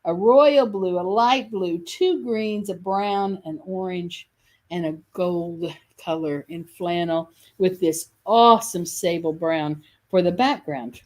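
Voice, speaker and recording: Hosting a live sales video, a woman sells quilt kits, chatting with enthusiasm and often correcting herself mid-sentence. Her voice is fairly low and her pace slow.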